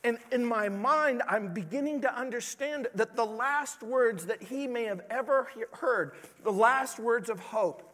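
High-voiced preacher in a reverberant hall. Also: male voice, unhurried, few pauses, fairly bright tone. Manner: earnest preaching, pleading rhetorical questions. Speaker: pastor. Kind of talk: sermon.

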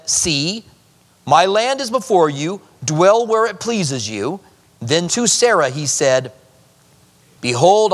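A pastor preaches an expository sermon verse by verse, turning to the congregation with conversational asides. His voice is high and a bit bright, carried by a long hall reverb.

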